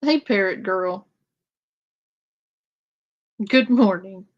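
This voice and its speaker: A woman rants in a slow, unhurried way, sarcastic and crude. Her voice sits in a middle range. The recording is a little dull and lo-fi. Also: mid-range voice. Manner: sarcastic, crude, mocks with a whiny imitation. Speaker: commentary streamer. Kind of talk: casual ranting commentary.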